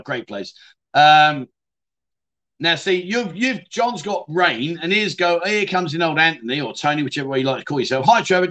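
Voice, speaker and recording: Chatty Yorkshire man hosting a livestream. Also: a little high. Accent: Yorkshire English. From England. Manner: chatty and matey, calls viewers mate and my friend, often trails off softly. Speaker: livestream host. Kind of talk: casual livestream chat reading viewer comments.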